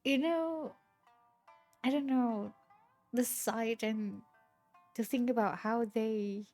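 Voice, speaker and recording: A young woman talks to her stream viewers in a slow, hesitant ramble, circling back and restarting her sentences. Her voice sits a little high, and faint music plays quietly behind her. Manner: halting, rambling retelling with many restarts. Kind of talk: casual chat to stream viewers.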